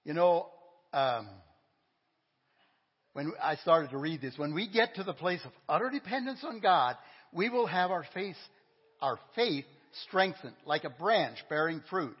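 An older man preaching an informal sermon in a church. He talks in a halting, conversational way, correcting himself and asking the congregation questions. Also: a little high, lively intonation, breathy edge. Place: church sanctuary. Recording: dull, echoey church recording.

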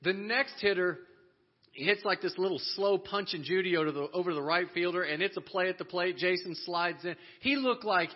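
A man with a husky, slightly high voice tells a personal story with plenty of energy. He laughs often and acts out each person he quotes. The audio is dull and lo-fi. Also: moderate pace. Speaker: speaker telling a story to a church audience.

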